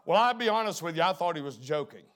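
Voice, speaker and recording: A middle-aged man preaching a sermon, dropping to hushed low emphasis and then rising to loud, emphatic preaching. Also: lively intonation, fast.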